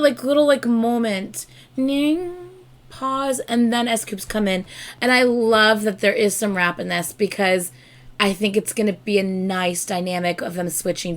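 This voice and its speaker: A woman hosting a casual music reaction, talking in an excitable, gushing way. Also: mid-range voice, normal speed. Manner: excitable, gushing, breaks into squeals. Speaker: reaction video host.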